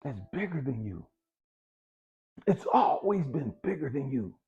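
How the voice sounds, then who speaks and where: A man's voice: mid-range voice, very animated, a little slow, warm tone. A middle-aged man giving a blunt, profane motivational exhortation, hammering his points with repetition. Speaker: motivational speaker. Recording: dull lo-fi recording.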